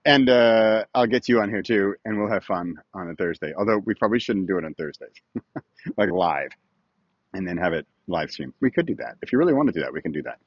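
A man's voice: on the low side, lively intonation, a little fast, no echo, lo-fi sound. A man hosting his own weekly video podcast, chatting casually and rambling a little while he films himself outdoors. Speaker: podcast host. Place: outdoors with a morning view.

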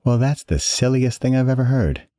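A man's voice: medium pitch, lively intonation, mellow, dry recording, studio quality, voice pushed up, lightly acted. A man voicing a mocking, menacing tormentor who talks in a snide, uppity way while reading a story aloud. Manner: sneering, snarky, drawn-out threats.

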